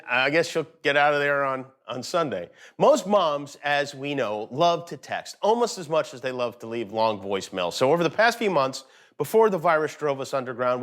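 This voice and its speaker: A man's voice: medium pitch, fairly bright tone. A man hosting a late-night show from home, delivering a dry, joking comedy monologue.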